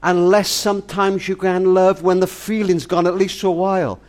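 An older man, a family charity speaker, gives a tender, earnest, grandfatherly monologue as if speaking to his granddaughter. His voice sits high, with a steady tone and normal speed.

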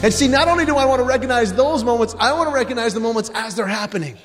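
High-voiced man telling a story in a hall. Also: very fast, faint music behind. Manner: animated, acts out dialogue in voices. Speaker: speaker telling a family story to an audience. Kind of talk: storytelling talk, faith-based.

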